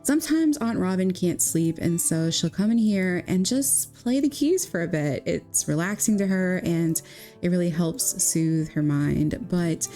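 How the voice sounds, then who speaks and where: A young woman narrates a game story in a casual, chatty, giggly way. Her voice is mellow and relaxed rather than bright. Soft plucked guitar plays faintly behind her. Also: on the low side, a little slow. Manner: chatty, giggly, with many "she's like" quotes. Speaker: gaming vlogger. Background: soft guitar music.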